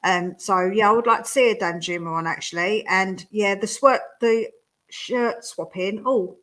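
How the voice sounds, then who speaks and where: A woman's voice: medium pitch, moderate pace, a bit bright. A woman with a London accent, speaking emphatically as a co-host in casual chat.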